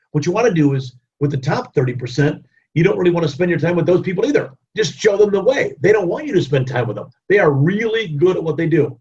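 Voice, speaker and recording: A man giving a keynote motivational leadership webinar talk, energetic, running through repeated lists and acting out what people say. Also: fairly high pitch. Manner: energetic, repetitive lists, acts out quotes. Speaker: keynote speaker. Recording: dull lo-fi webinar audio.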